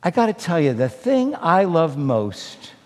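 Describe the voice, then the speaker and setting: An older man preaching a sermon, telling stories dramatically and swinging between loud and hushed delivery. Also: fairly high pitch, big pitch swings, unhurried. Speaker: pastor. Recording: long hall reverb.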